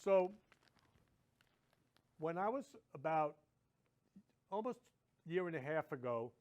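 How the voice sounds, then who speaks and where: Effusive middle-aged male host, a touch high-pitched, gushing monologue. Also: expressive, slow pace, a little mellow, dull audio. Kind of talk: casual monologue to viewers.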